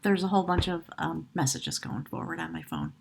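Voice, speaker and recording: A woman's voice: low-pitched, brisk, vocal fry. A woman giving an earnest, emotional tarot reading, laughing often and at times choked up, her voice cracking. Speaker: tarot reader.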